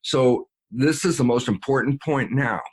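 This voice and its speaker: A man with a husky, slightly breathy voice talks as an interview guest. He explains in an animated way, plays out both sides of imagined exchanges and lets small chuckles slip into his sentences, with plenty of filler sounds along the way. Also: mid-range voice, a little slow. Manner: animated, acts out dialogues with himself.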